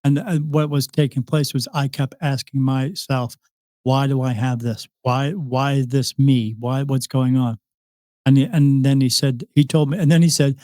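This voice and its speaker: A man's voice: medium pitch, normal speed, a little mellow, no room sound, studio quality. A man, a psychic medium, telling a long story as a podcast guest, rambling with restarts and acted-out dialogue. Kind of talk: casual interview storytelling.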